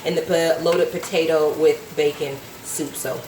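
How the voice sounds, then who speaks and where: A young woman chats her way through a cooking vlog, a little low in pitch. She stands off from the mic in an echoey kitchen. A pan sizzles clearly behind her. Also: fairly even intonation, measured pace, a little mellow, distant mic, a little hiss or hum. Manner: chatty, narrates while cooking, addresses viewers as y'all. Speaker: cooking vlogger. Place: home kitchen.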